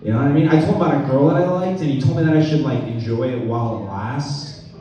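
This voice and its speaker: A young man doing a stand-up comedy set, with deadpan delivery and slow-landing punchlines. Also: mid-range voice, a little hiss or hum. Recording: echoey room from far off the mic.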